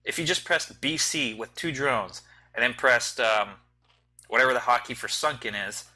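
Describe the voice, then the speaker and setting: A man's voice: medium pitch, normal speed, pushed and bright, low-quality recording. A young man giving casual, teasing commentary on a multiplayer game match over online voice chat, talking in stops and restarts. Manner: chatty, teasing, with many restarts. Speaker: game caster.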